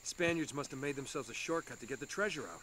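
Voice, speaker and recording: A man's voice: mid-range voice, fast talker, fairly bright tone, a little hiss or hum, natural voice. An actor playing a wry young male treasure hunter in a video game cutscene, matter-of-fact.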